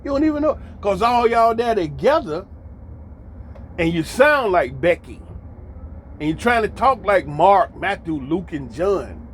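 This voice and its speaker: A man's voice: high voice, big pitch swings, slow pace, long pauses, slight background noise. An American man hosting a monologue commentary, emphatic and preachy, repeating lines for effect with mocking asides. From United States. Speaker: commentary host.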